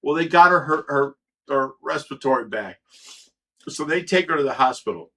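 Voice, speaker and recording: A man's voice: on the high side, expressive, normal speed, fairly bright tone. A middle-aged man from Ohio hosting a livestream, telling a story casually, swearing freely and stammering over repeated words. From Ohio, USA. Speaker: livestream host.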